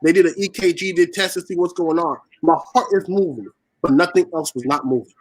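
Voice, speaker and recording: Over a rough recording, a man with a fairly high voice speaks briskly. He's a Haiti-born poet of the spoken word, raised in Washington State, and he tells his personal story in an interview with earnest repetition of key phrases.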